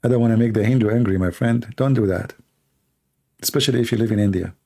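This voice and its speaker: A hoarse man hosts a live Q&A stream in non-native English, arguing through rapid rhetorical questions. His voice is gravelly and husky, with a dark, mellow tone. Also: fairly low pitch. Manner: argumentative, fires rhetorical questions. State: hoarse, coughing. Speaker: debate livestream host.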